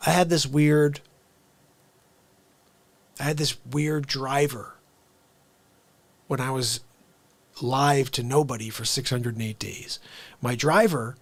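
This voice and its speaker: A man hosting a casual live stream who talks straight to his viewers, excitable and upbeat, jumping from loud bursts to quiet asides. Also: mid-range voice, takes it slowly, long pauses, dry recording. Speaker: livestream host.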